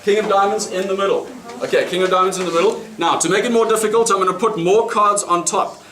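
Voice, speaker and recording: A man's voice: high voice, fairly even intonation, fast talker, a bit bright, reverberant, slight background noise. A man from South Africa with a South African accent, performing card magic in a restaurant and chatting to his audience with frequent laughs. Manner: chatty, laughing between lines, asks audience questions. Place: restaurant, indoors.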